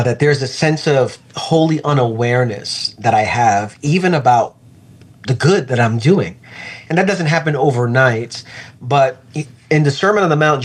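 An earnest man in the middle of his range, talking as a pastor in a relaxed interview. He is reflective and unhurried, and he slows right down whenever he wants a point to land. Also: medium pitch, slightly rough.

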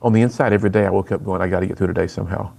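A man's voice: low-pitched, fairly even intonation, racing, creaky, darkish tone. A middle-aged man, a youth speaker and author, telling his personal story in an interview with earnest storytelling and acted-out dialogue.

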